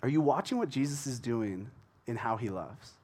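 A man giving a casual Bible teaching, animated as he retells the scripture in everyday words. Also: mid-range voice, normal speed, husky.

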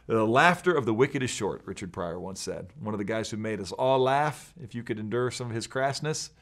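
A man's voice: fairly low pitch, animated, brisk, a bit bright. A man teaching from scripture in an earnest, emphatic way, quoting verses. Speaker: pastor. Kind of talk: preaching bible teaching.

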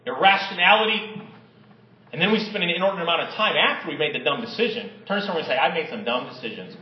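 A male pastor preaching a sermon in a church sanctuary, impassioned and shouting at times, with joking conversational asides. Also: sits high, quick pace, distant mic, a little hiss or hum. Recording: echoey, dull room sound.

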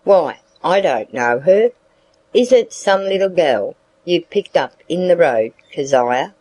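A reader voicing a kind old gentleman. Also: mid-range voice, lively intonation, slow pace, low-quality recording. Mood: jovial.

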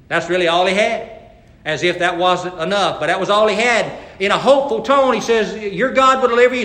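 A high, bright male voice delivers a sermon with dynamic swings, dropping to near-whispers and then rising to forceful, emphatic calls. The sound carries a roomy church echo. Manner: dynamic, swings from hushed low lines to loud emphatic exhortation. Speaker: pastor.

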